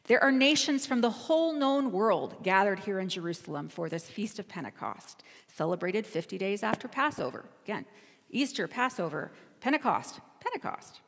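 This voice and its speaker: A woman's voice: medium pitch, sing-song, normal speed, big-room sound. A woman pastor giving a sermon, telling a travel story in a conversational, storytelling way. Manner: storytelling, conversational, self-correcting.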